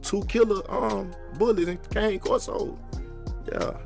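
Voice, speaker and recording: A man's voice: sits high, fairly even intonation, slow pace, vocal fry, a little mellow, soft background music. A man hosting a casual, unscripted podcast, rambling in loose slang with lots of fillers and asides. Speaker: podcast host.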